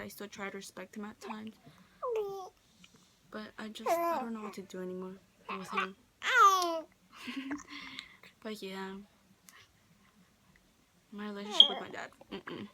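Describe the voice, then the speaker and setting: A woman's voice: mid-range voice, background noise. A teenage girl telling a personal story in a casual vlog, chatty and full of "like", quoting others in her own voice. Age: teens. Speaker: vlogger. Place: friend's bedroom.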